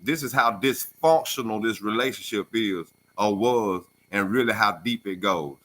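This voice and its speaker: A man's voice: lowish voice, moderate pace, sharp tone. A man on a talk show making his point in an earnest, emphatic way.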